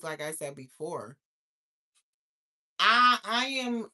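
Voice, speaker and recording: A woman hosting a casual storytime monologue, slangy and profane, swinging between loud outbursts and low asides. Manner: slangy, emphatic street talk. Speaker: host.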